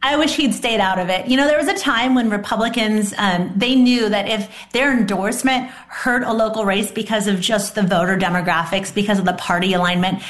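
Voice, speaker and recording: A woman's voice: medium pitch, brisk, hardly any pauses, roomy sound, soft background music. A woman giving passionate, emphatic political commentary as a guest on a news show. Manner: fired up, emphatic.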